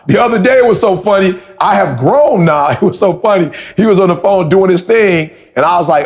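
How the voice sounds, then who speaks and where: A man's voice: high-pitched, lively intonation, fairly quick, few pauses. A man hosting a motivational conversation, telling stories with emphatic repeated questions. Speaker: podcast host.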